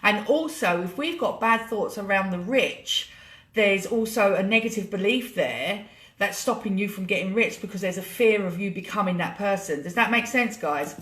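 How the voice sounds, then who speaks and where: A woman's voice: mid-range voice, lively intonation, normal speed, a bit bright. Chatty swearing British woman, echoey room. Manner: chatty, emotional, swears freely. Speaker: money coach hosting a live challenge. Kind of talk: casual live stream coaching. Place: home room with a laptop.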